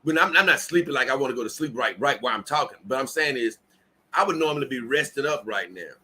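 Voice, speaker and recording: A man's voice: medium pitch, lively intonation, fast, bright, forceful tone, breathy edge. A tired man hosting a casual livestream, reading viewer comments aloud and rambling with many restarts. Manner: rambling, repeats himself and restarts often. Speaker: livestream host.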